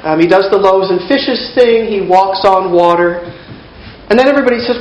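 A woman's voice: mid-range voice, moderate pace, a little mellow, slight background noise. A woman preacher giving a casual, conversational sermon in a wry tone, often restarting her phrases. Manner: casual, wry, repeats herself. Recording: dull, roomy church recording.

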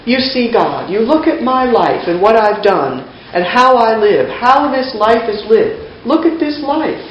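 A woman's voice: sits high, unhurried, darkish tone, reverberant, muffled recording, slight background noise, voice pushed up. A woman preacher voicing an exasperated Jesus who pleads with the crowd in a raised, insistent voice.

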